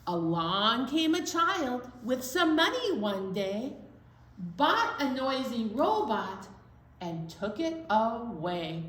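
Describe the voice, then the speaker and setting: A woman with a high, bouncy voice that swoops widely as she hosts a children's storytime. She reads slowly and sing-song, drawing out each line for small listeners, with playful asides. The room around her rings with echo. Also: sing-song, fairly bright tone. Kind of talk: reading a counting story to young children. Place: library room. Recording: echoey room.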